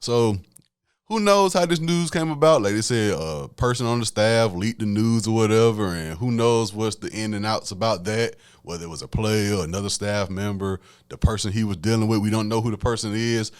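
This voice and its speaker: A man's voice: on the low side, normal speed, smooth. A man, hosting a solo podcast and talking casually to his listeners as y'all in a preachy, conversational way. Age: late 20s. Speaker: podcast host.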